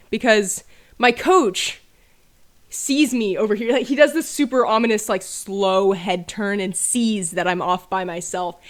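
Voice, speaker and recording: A woman telling a casual story about her childhood with dry, self-mocking humor. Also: mid-range voice. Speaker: storyteller over gameplay.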